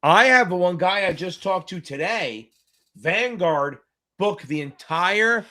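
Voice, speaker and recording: A middle-aged man runs a casual live-stream Q&A as an exam tutor, his voice sitting a little high for a man. He rambles through stories in a loose, chatty way, with the odd curse word thrown in. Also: animated, takes it slowly, pushed and bright.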